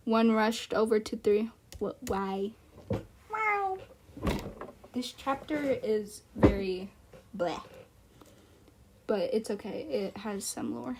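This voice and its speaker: A woman's voice: a little high, animated, takes it slowly, pauses often, slight background noise. A woman streamer reading fan fiction aloud on a live stream, giggling and breaking off into rambling asides.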